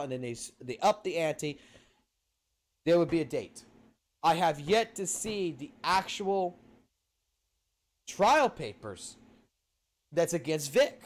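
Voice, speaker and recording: A man hosting a livestream delivers a heated, profanity-laced rant into a home mic. His voice sits a little higher than most men's. He circles back on his own words to drive each point home. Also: a little slow, long pauses. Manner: heated, profane, repeats himself for emphasis. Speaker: livestream host.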